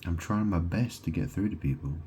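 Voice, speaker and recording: Deep-voiced man in a rambling, profane monologue. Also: mellow, a little hiss or hum. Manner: profane, rambling, rhetorical questions; repeats himself, halting restarts. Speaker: self-proclaimed god vlogger.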